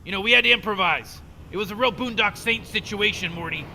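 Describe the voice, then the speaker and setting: A man's voice: high voice, brisk, vocal fry, bright, forceful tone, full character voice. A man voicing a cynical, scheming mad scientist grandfather in a video game, rambling in a dismissive, condescending way. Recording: game audio with long reverb and faint noise.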